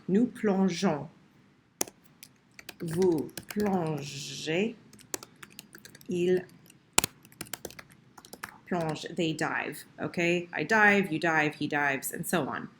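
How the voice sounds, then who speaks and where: With a lowish, fairly bright voice and slight background noise, a woman teaches French verb conjugation via screen recording. She talks while typing, stays patient, and catches her own mistakes.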